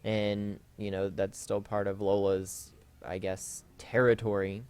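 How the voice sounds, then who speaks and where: A man's voice: fairly low pitch, level tone, a little slow, a little mellow, clean tone. A man hosting a Let's Play, rambling through a casual story with lots of fillers and self-corrections while he plays.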